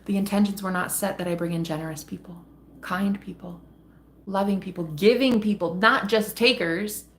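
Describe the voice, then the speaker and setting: Here a woman hosts a casual tarot stream for her viewers, full of affection and quick laughter, freely cursing and calling folks sweetheart or honey. She speaks at a medium pitch.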